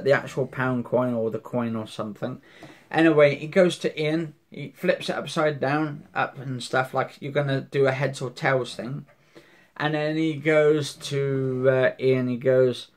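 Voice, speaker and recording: A man rambling through a casual recap of a soap episode, repeating himself and swearing now and then. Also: medium pitch.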